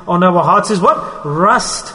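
High-voiced male preacher in a reverberant hall. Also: animated, slow pace. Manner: repetitive, rhetorical questions, swings loud to hushed. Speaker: Islamic preacher. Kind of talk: sermon with storytelling.

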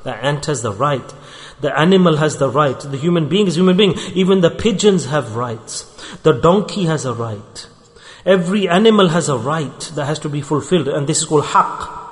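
A man's voice: a little high, lively intonation. Man preaching in a reverberant hall. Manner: earnest storytelling, slows on key words and repeats them. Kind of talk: sermon.

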